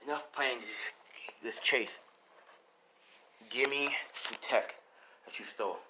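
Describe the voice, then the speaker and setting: A man voicing a stern young male vigilante hero, talking low and clipped, close to his own voice. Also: takes it slowly, noisy background, lightly acted.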